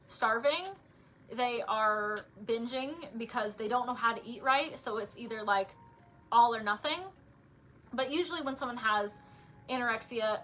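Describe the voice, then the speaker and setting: On a livestream, a young author with a voice on the high side chats casually, dropping "like" often, and reads her own poems in a softer, quieter tone. There is slight background noise.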